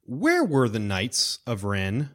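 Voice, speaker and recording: A man hosting a casual podcast chat, his pitch bouncing up and down as he jokes his way through the news. He sounds playful and loose, laughing often. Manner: playful, jokey, with lively pitch and quick laughs. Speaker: podcast co-host.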